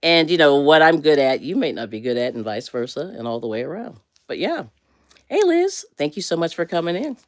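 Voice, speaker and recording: A woman's voice: sits low, very animated, fairly quick, dry recording, studio quality. An American woman hosting a casual motivational livestream, rambling and self-correcting and laughing often. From USA. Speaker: livestream host.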